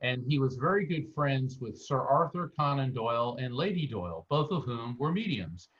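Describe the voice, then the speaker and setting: A man's voice: medium pitch, normal speed, lo-fi sound. An American man, a guest medium, telling anecdotes in an interview and acting out the people he quotes. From United States. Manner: animated anecdotal storyteller, acts out quotes. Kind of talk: interview storytelling.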